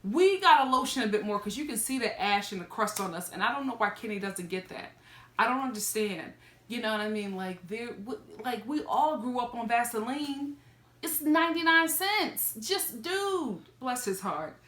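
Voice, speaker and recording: A woman with a high, bright, ringing voice dishes on a reality show with sassy, gossipy energy. She talks casually, laughs often and tosses in cheeky asides. The room around her is echoey. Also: lively intonation, moderate pace. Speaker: reality TV reaction vlogger.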